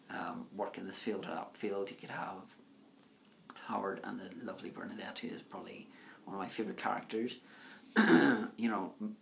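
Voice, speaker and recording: A male vlogger with a low-pitched voice and vocal fry answers viewer questions in a casual, rambling monologue. He fills it with "um," "you know" and "like," and there's slight background noise.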